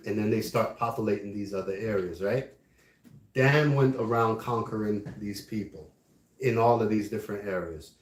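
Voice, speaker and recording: A man's voice: on the low side, normal speed. Echoey man teaching, asking "right?" constantly. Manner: frequently asks "right?". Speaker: class teacher. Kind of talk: religious study class. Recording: echoey room.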